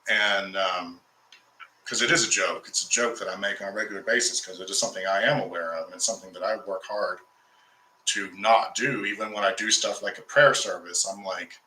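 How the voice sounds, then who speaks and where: Bright-voiced man telling a rambling story. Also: low voice, fairly even intonation, brisk, roomy sound, a little hiss or hum, poor audio. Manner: rambling, restarts, heated when recounting conflict. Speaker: occultist host. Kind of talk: casual storytelling to viewers.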